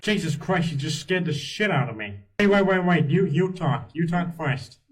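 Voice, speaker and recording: Brash, foul-mouthed cartoon father done by a man as an impression, voice pitched a little high. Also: expressive, moderate pace, slightly rough. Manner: brash, profane, jokey. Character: male cartoon dad, loud and crude. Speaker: online video chat prankster. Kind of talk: voice impression on video chat.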